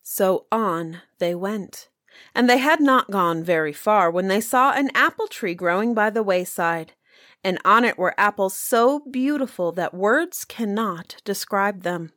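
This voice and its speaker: A woman reading an old folk tale aloud in a measured storybook manner. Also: medium pitch, lively intonation, a bit bright, no room sound, studio quality.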